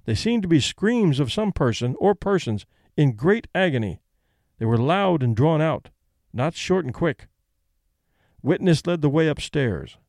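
A man narrating a story aloud in a measured, expressive reading of formal testimony. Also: fairly high pitch, no room sound, studio quality. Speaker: audiobook reader. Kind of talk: scripted narration.

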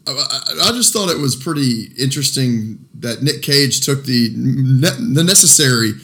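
A man co-hosting a casual movie podcast, excitable and swearing for emphasis. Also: medium pitch, normal speed, creaky. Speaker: podcast co-host. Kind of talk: casual movie-review chat.

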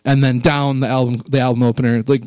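A man's voice: mid-range voice, flat delivery, fast, a little mellow, dry recording. Enthusiastic rambling male podcast host. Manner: enthusiastic, rambling, gets emotional about music. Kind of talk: casual music podcast chat.

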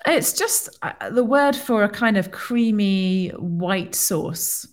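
A woman doctor and author, a guest on a podcast, talking in a cheerful, warm way and laughing easily. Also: mid-range voice, animated, slow pace. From United Kingdom. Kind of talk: casual interview chat.

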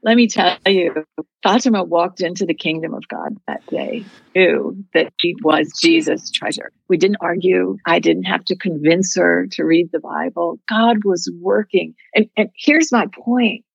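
A woman's voice: on the low side, animated, unhurried, vocal fry, slightly rough, no echo, dull audio. A woman guest in an interview telling a story in an earnest, heartfelt way.

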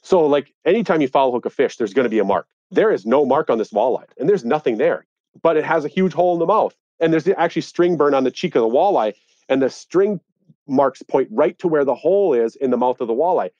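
A man's voice: medium pitch, expressive, fairly quick, dark tone, no echo. Guy in an interview, fired up telling his side, dry close sound, bit muffled. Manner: earnest, indignant when recounting. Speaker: interviewee, angler. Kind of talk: conversational storytelling.

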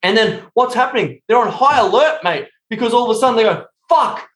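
A young adult man speaking as a coach in a casual podcast interview, swearing constantly as he tells animated stories. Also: very high voice, fast. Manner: profane, animated storytelling. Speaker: sex and intimacy coach, guest. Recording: roomy echo.

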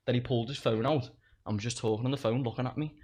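Speaking very fast, a young comedian from England tells stories as a guest on a podcast, laughing along and swearing freely in casual chat. His medium-pitched voice is husky with a darkish tone and fairly even intonation.

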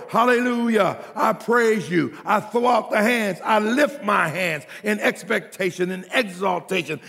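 A man preaching a sermon in a church, often shouting and building rhythmic repeated lines, with a gravelly voice. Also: sits high. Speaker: pastor. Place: church sanctuary. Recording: long reverb of a large hall.

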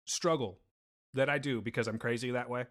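A man's voice: medium pitch, steady tone, brisk, fairly bright tone. A man co-hosting a podcast in a casual chat, talking in a playful, teasing and somewhat defensive way. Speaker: podcast co-host.

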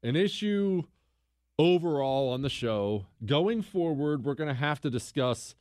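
A man hosts a talk show from a dry, close-miked studio, spinning a story with lively, joking energy. His voice sits a little on the higher side. He teases his co-host along the way. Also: unhurried, dry recording.

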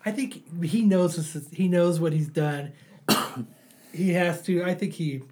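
A man co-hosting a casual chat, relaxed and full of fillers like "like". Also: a little high, unhurried. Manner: relaxed, filler-heavy, frequent "like". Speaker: podcast co-host.

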